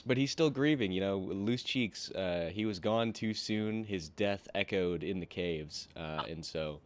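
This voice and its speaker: A man hosting a game stream, teasing his co-host and spinning deadpan stories. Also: sits low, measured pace. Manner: teasing, deadpan storytelling with many fillers. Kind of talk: casual in-character banter.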